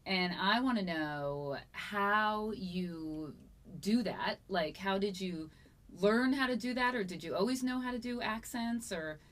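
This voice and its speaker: A woman's voice: medium pitch, lively intonation, unhurried. A woman interviewing an audiobook narrator, friendly and encouraging as she asks follow-up questions. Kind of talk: conversational interview.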